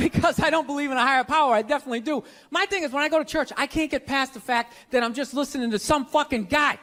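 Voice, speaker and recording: A man doing a stand-up comedy set on a large stage, ranting sarcastically with lots of swearing and punchy, animated delivery. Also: extremely high pitch, fast talker, a little hiss or hum. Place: large stage before a live audience. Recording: live show, loud crowd laughter.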